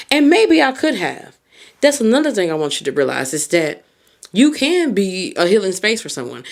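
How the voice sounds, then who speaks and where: A woman hosting a podcast as a mindset coach, giving heartfelt advice and speaking straight to the listener. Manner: expressive pitch swings on emphasis.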